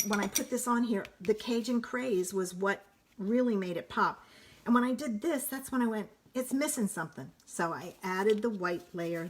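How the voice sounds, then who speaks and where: Slow, chatty woman crafting live. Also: medium pitch, fairly bright tone, a little hiss or hum. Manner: chatty, thinks aloud, slow and unhurried, self-correcting. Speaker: card-making demonstrator on a live stream. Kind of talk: casual live crafting demo.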